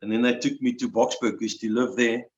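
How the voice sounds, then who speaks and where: An older man speaks with feeling, stumbling over his words and repeating them as he goes. His voice sits in an ordinary middle pitch. The recording is roomy and a little dull. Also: fairly even intonation. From South Africa. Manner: emotional, halting, with many restarts and repeated words. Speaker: interview guest, army veteran. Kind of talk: personal storytelling.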